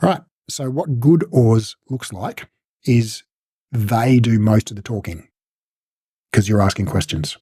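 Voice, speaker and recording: A man's voice: lowish voice, unhurried, warm tone, slightly rough, dry recording, studio quality. A man teaching a casual recorded lesson, talking conversationally and acting out short coach and client exchanges. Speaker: instructor.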